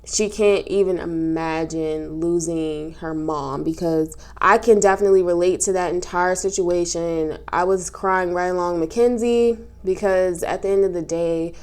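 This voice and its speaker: A woman with a somewhat low voice talks casually through a reality show recap. She is tearful and sniffling, stopping and restarting with plenty of fillers as she goes. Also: steady tone, a little slow, hardly any pauses, a little mellow. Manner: emotional, talks through tears, many fillers. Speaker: recap vlogger.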